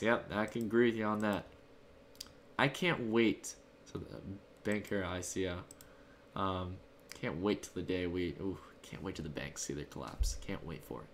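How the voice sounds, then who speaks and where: With a mid-range, slightly bright voice, a man runs a live stream and responds to his viewers' chat. His delivery is casual, upbeat and rambling, peppered with fillers and restarts.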